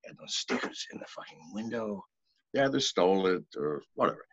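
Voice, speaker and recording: An older man telling a story as a podcast guest, in a profane, animated way. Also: sits low, brisk, no echo. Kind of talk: casual storytelling. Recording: dull, lo-fi, dry sound.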